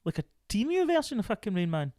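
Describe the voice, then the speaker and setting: Fast, lively teasing man. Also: sits high, dry recording, clean studio sound. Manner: quick teasing interjections. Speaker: podcast co-host. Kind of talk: casual chat.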